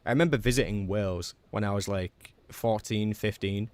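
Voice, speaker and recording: A man live-streaming a video game, chatting casually with viewers and reacting out loud as he plays, talking quickly. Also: on the low side, clear, resonant tone, dry recording. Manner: talks quickly in a relaxed, chatty way.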